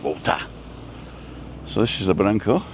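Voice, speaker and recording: A man live-streaming as he walks outdoors by the coast, chatty and rambling, a little out of breath from walking briskly. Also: low voice, a little hiss or hum. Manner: chatty, rambling, greets viewers by name. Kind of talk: casual walk-and-talk live stream.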